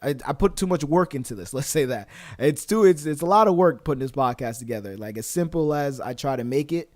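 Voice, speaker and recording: A man in his late twenties hosting a casual solo podcast, talking earnestly with lots of fillers and restarts, his voice a little hoarse. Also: on the high side, animated, brisk, darkish tone, no echo, clean studio sound. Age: 20s. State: slightly hoarse voice. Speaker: podcast host.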